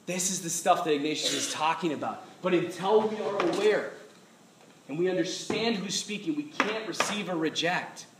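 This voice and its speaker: A man preaching a sermon as pastor, animated and joking as he acts out voices. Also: high voice, moderate pace, background noise. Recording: echoey hall from far off.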